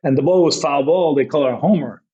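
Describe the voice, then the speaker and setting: A man's voice: on the high side, quick pace, dark tone, dull audio. A man in his forties, a baseball manager, telling rambling stories as a podcast guest, full of fillers and acted-out quotes. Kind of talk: casual storytelling interview.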